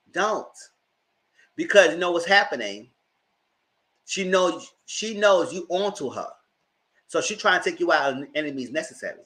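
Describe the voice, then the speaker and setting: A TV reviewer and channel host is running a live recap of an episode, and his voice sits a little high with a slightly bright edge. He tells the story dramatically, tossing in slang asides and heated remarks, and his colorful commentary includes swearing.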